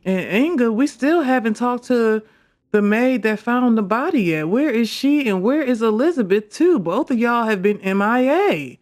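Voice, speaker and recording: A gamer giving casual, animated commentary over a detective game playthrough, often exclaiming and laughing. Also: medium pitch, moderate pace. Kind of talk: casual let's-play commentary. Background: game music.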